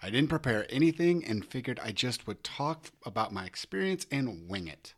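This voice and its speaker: A man with a deep, relaxed radio-style voice, casually reading a listener's letter aloud. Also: moderate pace.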